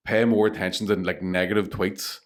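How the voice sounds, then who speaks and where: Fast-talking Northern Irish comedian, low voice. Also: male voice. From Northern Ireland. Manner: animated, swears freely, laughs through stories. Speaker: comedian guest. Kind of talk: casual storytelling.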